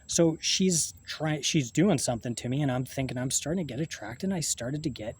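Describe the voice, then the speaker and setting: A man, talking in a halting, rambling monologue to camera, full of restarts and swearing. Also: mid-range voice, expressive, slightly rough. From Canada.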